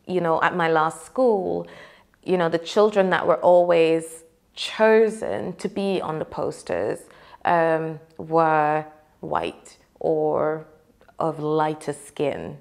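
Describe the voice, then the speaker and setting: British woman, slow careful talker, lowish voice, laughs easy, interview. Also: expressive, gravelly, a little mellow. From England. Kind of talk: documentary interview.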